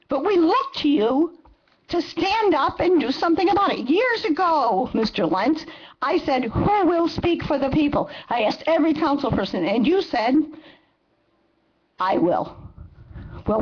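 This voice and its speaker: In a council chamber, a woman in her seventies delivers an angry, impassioned public comment in a high voice with big pitch swings, at a moderate pace. The meeting recording is dull and lo-fi.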